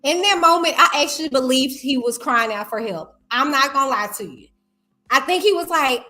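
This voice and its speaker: Woman, vlog host, casual commentary, emphatic, high bright voice. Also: animated, normal speed. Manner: chatty, emphatic, talks to viewers.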